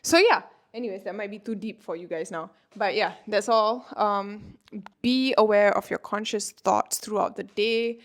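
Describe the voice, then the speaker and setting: A woman's voice: mid-range voice, normal speed. A woman in her twenties, a manifestation coach talking casually to camera, chatty and filling her talk with "like" and "you know", laughing often. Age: 20s.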